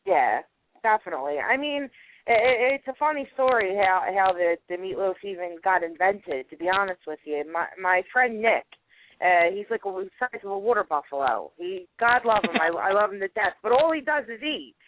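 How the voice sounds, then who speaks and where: A woman's voice: mid-range voice, expressive, moderate pace. A woman guest telling stories in a chatty way and laughing often, heard over a phone line. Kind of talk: casual phone interview.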